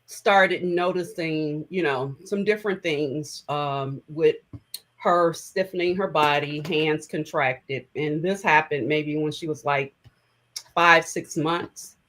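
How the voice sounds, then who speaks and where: Speaking low with a fairly bright tone, this middle-aged interview guest looks back on her own memories, heartfelt and reflective, often stumbling over her words. The recording is of poor quality.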